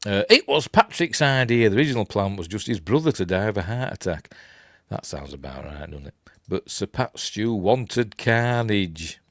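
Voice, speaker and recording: A Yorkshire man, older, chatting about old films in a rambling, easygoing way. His voice sits on the low side and the sound is close and dry, with no room around it. He fills gaps with ums and pokes fun at himself. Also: animated, normal speed, no room sound. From Yorkshire, England. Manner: rambling, self-deprecating, filler-heavy. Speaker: channel host. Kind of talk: casual live-stream movie chat.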